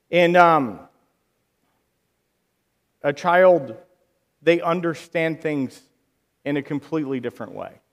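A man preaching a sermon in an animated way, acting out quoted voices and rising to loud bursts. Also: a little high, in a large hall.

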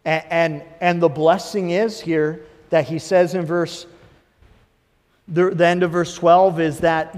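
A man in his thirties preaching a sermon as pastor, swinging between emphatic bursts and quieter asides. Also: a little high, little pitch movement, slow. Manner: preaching with rising emphatic bursts and acted inner voices. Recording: long hall reverb.

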